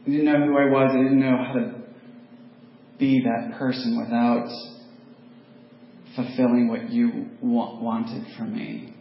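Man with a gravelly voice, sharing his story. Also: mid-range voice. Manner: self-mocking, halting, with ums and laughs. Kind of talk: personal testimony talk. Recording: dull, noisy, echoey room recording.

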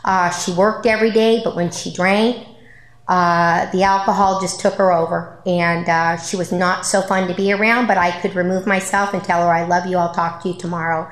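A woman's voice: lowish voice, level tone, moderate pace. Candid woman in an echoey meeting room. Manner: candid and conversational, with frequent ums and repeated phrases. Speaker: speaker at a support group meeting. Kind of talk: personal recovery share.

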